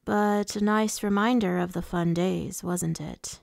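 A woman's voice: on the low side, steady tone, unhurried, gravelly, darkish tone, dry recording, clean studio sound. A woman reading the lines of a suave, menacing male fae lord, with a purring, taunting delivery.

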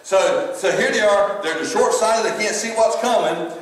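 A middle-aged Southern US pastor preaches a funny, folksy sermon in his church sanctuary, his voice sitting high and unhurried. He laughs frequently and repeats words, heard from a distance in an echoey hall.

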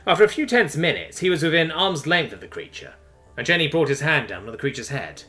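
Man narrating a story, bright lively voice, expressive delivery, faint music underneath. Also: fairly high pitch, fast. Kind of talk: scripted narration.

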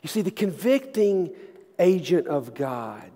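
A middle-aged man, a senior pastor preaching a sermon and telling a story. His delivery is animated, swinging from loud to hushed. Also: on the high side, takes it slowly. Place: large church sanctuary. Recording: long church reverb.

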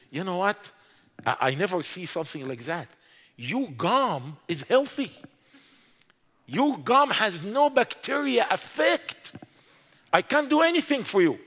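A man's voice: high-pitched, fairly bright tone, in a large hall. A man from Egypt, telling his personal testimony with emphatic, English. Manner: emphatic storytelling with non-native English. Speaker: guest telling his conversion story.

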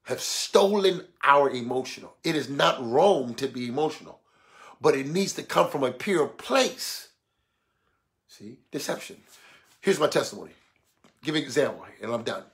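A man preaching a sermon, animated and colloquial, acting out voices to make his points. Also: mid-range voice, normal speed. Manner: animated, mimics voices, laughs.

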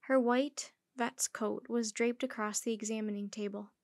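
A woman storyteller reading a children's book aloud in a gentle, even narration. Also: on the high side, normal speed, gravelly, no echo, clean studio sound.

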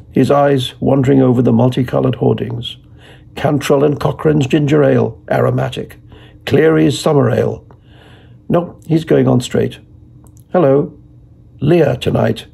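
Gravelly, very husky male reader. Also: medium pitch, fairly even intonation, a little slow, mellow. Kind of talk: literary audiobook reading.

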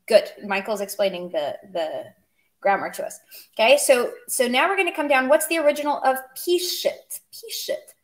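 A woman's voice: fairly high pitch, expressive, normal speed. Chatty woman teaching a language lesson. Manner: chatty, explains with humor and asides. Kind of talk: casual online language lesson.

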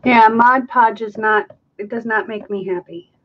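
A woman's voice: on the high side, fairly even intonation, measured pace, dull audio. A woman hosting a live craft demonstration, chatting casually and thinking aloud as she mixes and counts. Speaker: acrylic pouring artist hosting a live stream.

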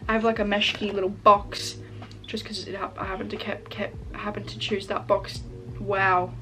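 Young woman, casual unboxing vlog at home, gushy and excitable, plenty of fillers, mid-range voice, music running underneath. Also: medium pitch, normal speed. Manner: gushing, excitable, full of fillers like "like". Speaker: vlogger. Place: room at home. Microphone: camera set up in front of her.

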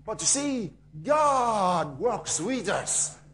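A male pastor telling a story in a sermon, swinging dramatically from hushed tones to shouting. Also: high-pitched, big pitch swings, very slow, slight background noise.

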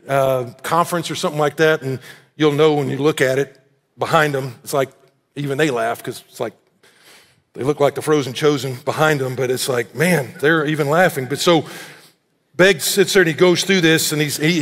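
A man preaching a sermon as pastor, telling the story with animated acted-out voices. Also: fairly high pitch, brisk. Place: church sanctuary. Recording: echoey church hall.

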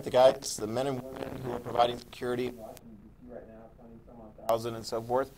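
A man's voice: mid-range voice, vocal fry, background noise. Man, history teacher, classroom lecture, casual, keeps asking the class questions. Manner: conversational, checks in with students often.

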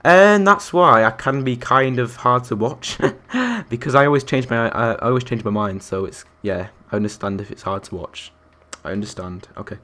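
Streaming a game live, a young man speaks in a medium-pitched voice with a sharp tone, counting out loud and reacting to both the viewers and the other players.

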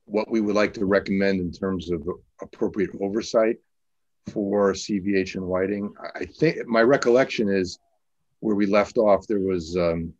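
A man with a low voice leads an online committee meeting. He talks in loose, halting sentences full of fillers and restarts. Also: fairly even intonation, a little mellow, lo-fi sound. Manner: hesitant, many fillers and restarts. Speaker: task force chair.

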